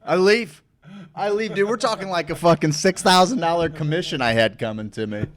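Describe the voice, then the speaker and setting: A man's voice: fairly high pitch, fairly quick. A man with a Midwestern American accent telling a long, profane, rambling story as host of a casual live show.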